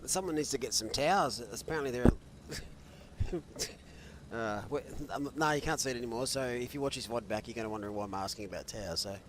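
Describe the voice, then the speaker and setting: A man commentating an online racing event, chatty and joking, getting loud and excited when the race action kicks off. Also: mid-range voice, fast, background noise.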